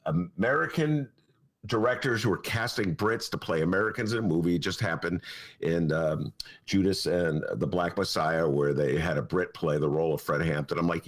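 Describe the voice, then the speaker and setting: A man's voice: low-pitched, normal speed. A man in his sixties hosting a podcast, chatting casually in a rambling, opinionated way. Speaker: podcast host. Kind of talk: casual chat.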